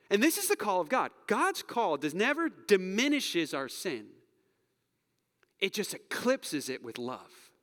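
Animated man preaching in a reverberant hall. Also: high voice, normal speed. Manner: animated, conversational, acts out quotes, drops to soft near-whisper. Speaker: pastor. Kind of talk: sermon.

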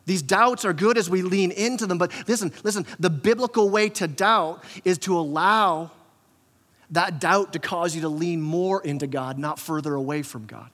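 A man with a high voice preaching a sermon, casual and conversational, often doubling words as he restarts a thought. His voice carries a long reverb from the church hall around him. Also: normal speed, fairly bright tone. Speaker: pastor. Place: church sanctuary.

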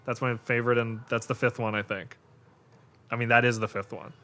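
A podcast host with a mid-range voice, talking a little fast, reacts excitably to a horror movie during a live watch-along. He's casual and profane, laughs and exclaims often, and uses plenty of "like" and "God" as filler.

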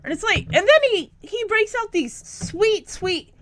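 High, lively-voiced woman recapping an episode. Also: measured pace, no room sound. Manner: chatty, giggly, lots of fillers. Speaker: TV episode reviewer. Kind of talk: casual episode recap and review.

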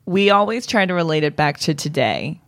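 Brief: chatty female co-host, animated voice, dry recording. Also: deep voice, brisk, no room sound. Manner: chatty, giggly, questioning. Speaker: podcast co-host. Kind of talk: casual chat.

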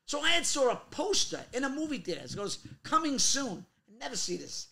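A man tells stories in a casual chat. His voice sits high, with a gravelly rasp and a bright, tense edge. He talks in an animated, profane way and breaks into loud bursts when he acts out quotes. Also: quick pace. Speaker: podcast guest, comic actor.

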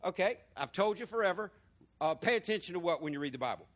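A high-voiced man delivers a sermon. He asks the congregation question after question, climbing in pitch and volume on the repeated phrases, then sinking to a low murmur. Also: expressive, fast, fairly bright tone. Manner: preaching with big swings in pitch and volume, rhetorical questions to the congregation. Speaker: pastor.

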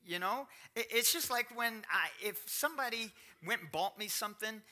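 A man's voice: sits high, expressive, normal speed, bright, forceful tone. A middle-aged man pastor giving a sermon, chatting plainly with the congregation and then building up to emphatic preaching. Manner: conversational, swinging to rising emphatic preaching.

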